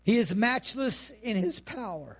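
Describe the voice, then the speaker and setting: A male pastor preaching a sermon, building to shouted climaxes and punctuating lines with amens. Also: high-pitched, lively intonation, measured pace.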